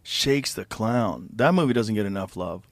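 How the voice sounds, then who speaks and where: A man's voice: lowish voice, lively intonation, normal speed, dry recording. A middle-aged man hosting a podcast in casual chat, enthusiastic and often interjecting. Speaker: podcast host.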